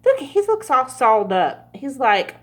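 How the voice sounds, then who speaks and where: A woman's voice: high voice, big pitch swings, unhurried, a bit bright. A woman giving a casual pick-a-card tarot reading, chatty and laughing often, with frequent swearing. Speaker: tarot reader.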